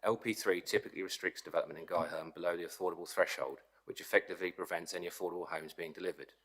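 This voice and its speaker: A man acting as planning agent, reading a prepared statement to a council committee in a brisk, formal, persuasive way. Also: low voice, steady tone, fairly bright tone. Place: council meeting chamber. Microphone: desk microphone.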